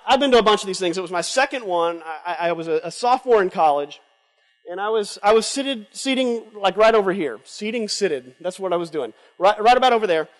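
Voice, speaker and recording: A man preaching a sermon at a conference, moving between loud urging and hushed confession before a live audience. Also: sits high. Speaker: conference speaker. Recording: long hall reverb from a live event.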